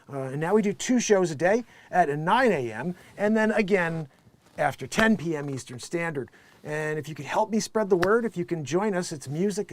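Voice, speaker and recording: An animated male host delivering a joking live-stream monologue, his voice high and swinging widely between loud bursts and quiet asides. The sound is dry and close, with almost no room echo. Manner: animated, joking, self-promoting.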